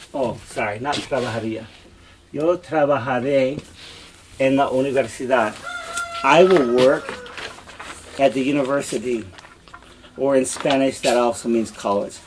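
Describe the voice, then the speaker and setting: A man gives a slow, deliberate Spanish grammar lesson from home, speaking at a mid pitch. He repeats each example in English and Spanish. A faint noise sits under his voice. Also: expressive, low-quality recording. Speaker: Spanish teacher. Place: home, dogs nearby.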